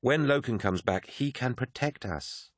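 A male narrator raises his voice to play a frightened, headstrong woman who keeps warning her friends. The voice is husky and swings widely in pitch, pressing each point with urgency in a dry, close audiobook recording. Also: lively intonation, measured pace, no room sound. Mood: alarmed, insistent. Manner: urgent, protesting. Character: anxious, stubborn woman remembrancer.

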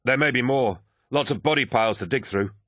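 A man's voice: medium pitch, fairly quick, fairly bright tone, no room sound, clean studio sound, voice pushed up, natural voice. A man voicing a sergeant giving a clipped, matter-of-fact report. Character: brisk male sergeant reporting.

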